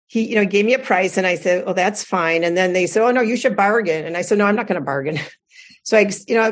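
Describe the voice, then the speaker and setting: A woman giving her first personal Dharma talk, earnest and reflective, pausing often with fillers and correcting herself. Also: mid-range voice. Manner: hesitant, many fillers and self-corrections.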